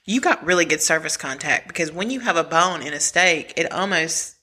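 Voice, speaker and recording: Man, very bright tone, slightly higher voice, quick interjections, casual co-host. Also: expressive, husky. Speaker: podcast co-host. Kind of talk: casual chat.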